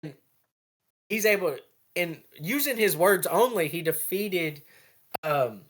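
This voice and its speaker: Animated man chatting about anime. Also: high voice. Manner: animated, acts out characters in quick impressions. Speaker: podcast co-host. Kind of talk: casual anime discussion.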